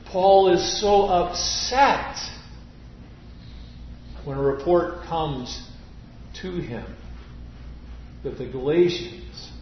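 Slow, emphatic preacher in a roomy space. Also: male voice, fairly high pitch, a little hiss or hum. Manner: emphatic, deliberate, with drawn-out stresses. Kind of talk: sermon. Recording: roomy, slightly dull recording.

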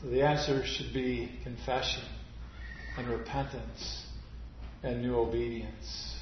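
A man preaching a sermon, slow and deliberate, dropping to near-whisper on key phrases. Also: medium pitch, little pitch movement, slight background noise. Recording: muffled, very echoey church recording.

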